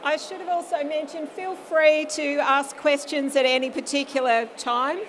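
Woman, panel moderator, high voice, friendly, faint background noise. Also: steady tone, normal speed.

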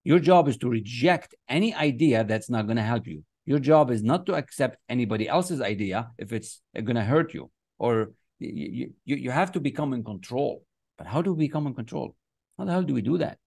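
A man leads a motivational masterclass with a middle-pitched voice, pressing his points with emphasis. He chants short affirmations over and over, and the sound is dry and close. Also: lively intonation, a little fast, gravelly, darkish tone, dry recording. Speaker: success coach. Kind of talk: motivational teaching. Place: online class, writing on screen with a mouse.

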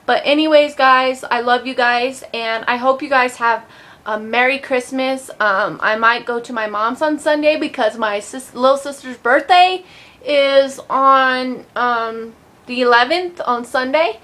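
High-voiced young woman rambling casually. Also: a little slow, a bit bright. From Colorado, USA. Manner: rambling, chatty, many ums, loose and sweary. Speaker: vlogger. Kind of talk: casual home vlog. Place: home.

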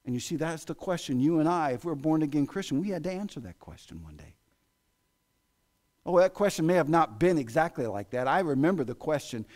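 A man preaching a sermon in a church, with an American accent, swinging between loud exclamations and hushed asides. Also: fairly high pitch, animated, fairly quick. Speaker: pastor. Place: church sanctuary.

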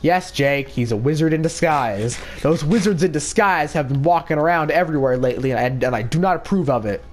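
A man's voice: fairly high pitch, lively intonation, fairly quick, lightly acted. A man voicing a bossy, scheming cartoon candy princess in a Minecraft role-play, rambling with many fillers.

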